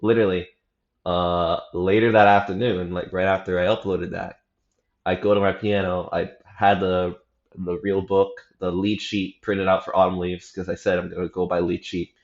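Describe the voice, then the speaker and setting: A man's voice: deep voice, little pitch movement, moderate pace. A young man giving a casual, rambling report on his practice, often correcting himself and dropping slang. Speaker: practice vlogger. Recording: roomy, slightly dull home recording.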